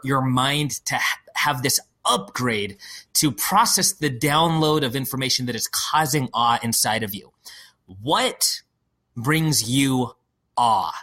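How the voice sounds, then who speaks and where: A male podcast host with a middle-pitched voice and a reflective, affirming way of talking. He thanks his guest warmly and asks open questions about what matters to him. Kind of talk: interview podcast.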